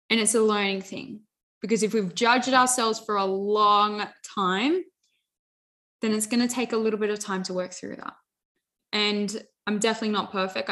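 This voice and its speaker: A woman's voice: mid-range voice, fairly bright tone. A young adult woman giving an earnest motivational talk, repeating phrases and often saying "you know" and "like". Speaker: self-help speaker.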